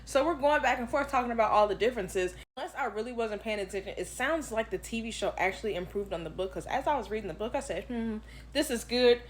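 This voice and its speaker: A woman book reviewer telling an animated, dramatic storytime to camera. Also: mid-range voice, fast, hardly any pauses, slight background noise.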